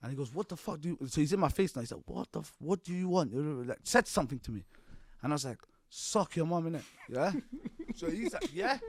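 A man's voice: a little high, sing-song, a little fast, no echo. A man in his twenties, a podcast guest telling a story in slangy talk and often laughing as he goes. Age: 20s. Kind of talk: animated storytelling.

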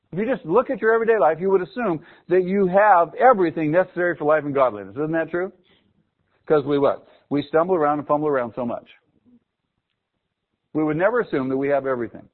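Male pastor preaching, higher-pitched voice, call-and-response questions, heard over a thin phone-like recording. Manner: asks the congregation questions and repeats key words for emphasis. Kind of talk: sermon. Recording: phone-like narrow sound.

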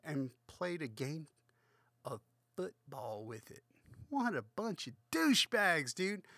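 A man's voice: mid-range voice, bright, forceful tone, no echo, studio quality. A slightly drunk man hosting a comedic read-aloud of a children's book, rambling through crude, swearing asides. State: a little drunk. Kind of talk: comedic book reading with commentary.

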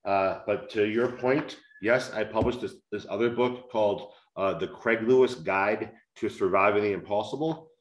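Deep-voiced man, roomy echo. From United States. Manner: slow, carefully enunciated delivery to be easily understood. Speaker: author and guest. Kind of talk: conversational interview, reading aloud from his book.

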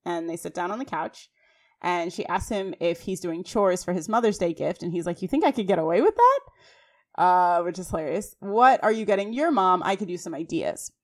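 A woman co-hosting a podcast, recapping a TV episode scene by scene in a chatty, animated way with frequent fillers. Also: lowish voice. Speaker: podcast co-host.

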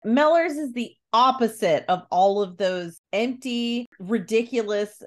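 A woman's voice: a little high, soft background music. A woman co-hosting a podcast in casual chat, reading book excerpts with laughter. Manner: slow, animated, laughing readings. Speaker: podcast co-host.

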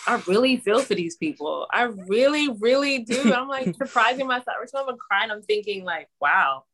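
A young adult woman co-hosting a podcast, telling relaxed, chatty stories among friends. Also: a little high, moderate pace. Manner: chatty, laid-back storytelling. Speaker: podcast co-host. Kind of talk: casual chat.

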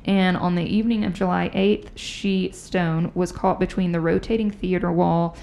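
A woman with a lowish, creaky voice hosts a podcast, telling ghost stories at a normal speed. She is a chatty, animated storyteller with a casual, conversational style.

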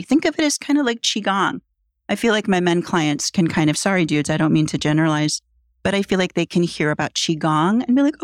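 A woman's voice: on the low side, brisk, no room sound, clean studio sound. A woman psychotherapist, a podcast guest, playfully coaching a host through a guided body exercise. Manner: playful, coaching, lively instructions.

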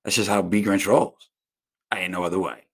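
A man's voice: deep voice, fairly even intonation, fairly quick, breathy edge. A man from South Florida hosting a casual solo podcast from home, rambling through a profane monologue with many restarts and tangents. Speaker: podcast host.

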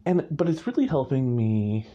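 A man's voice: medium pitch, very animated, normal speed, warm tone. A man, an author, talking casually about his writing in a rambling way, correcting himself and chuckling often. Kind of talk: casual chat. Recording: muffled lo-fi recording.

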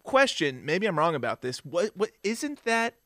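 Animated man with a lively high voice. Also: moderate pace, dry recording, clean studio sound. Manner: animated, blunt, swearing freely. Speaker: podcast co-host. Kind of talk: casual movie chat.

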